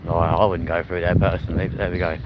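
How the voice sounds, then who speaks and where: A man's voice: low-pitched, flat delivery, fast. Chatty man streaming outdoors. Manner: chatty, blunt, swears freely. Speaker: live-streaming vlogger. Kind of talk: casual walking live stream. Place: outdoors walking through a city park. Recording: loud outdoor wind and street noise. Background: wind and traffic noise.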